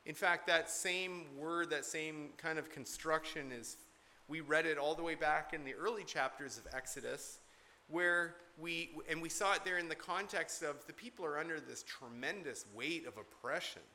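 A man's voice: on the high side, normal speed, sharp tone. A man preaching an expository sermon from the pulpit, earnest and emphatic, repeating key points to drive them home. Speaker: pastor.

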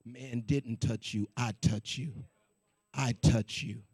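A man voicing God speaking to him, slow and solemn, like a reassuring father. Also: mid-range voice, fairly even intonation, darkish tone, husky, dry recording, pitched below the performer's own voice.

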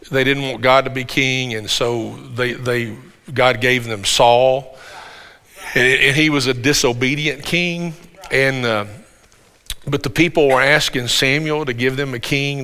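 A man preaching a sermon as pastor in a conversational way, stumbling over restarts and building to loud emphasis. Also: medium pitch. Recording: long hall reverb.

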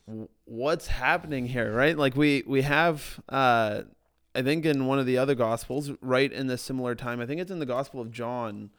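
A man with a smooth, resonant voice at an ordinary pitch. He earnestly reads scripture aloud and then turns it over with open questions, in a casual podcast chat. The recording is dry and close. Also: moderate pace, fairly bright tone, no echo. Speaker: podcast co-host. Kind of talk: casual Bible discussion.

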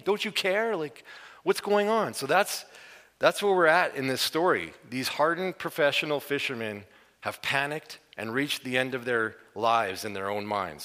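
A man preaching a sermon, telling a Bible story in a lively way and acting out the characters' panic. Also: mid-range voice, long reverb tail. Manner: animated storytelling, acts out the disciples' panic.

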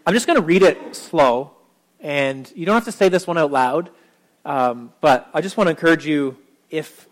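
A man preaching a sermon as pastor, talking casually with lots of fillers and restarts. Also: a little high.

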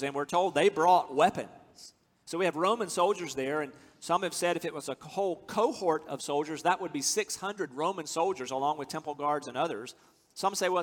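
A man from the United States preaching a sermon, earnest and emphatic, slowing down to stress key phrases. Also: a little high. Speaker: pastor. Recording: long hall reverb.

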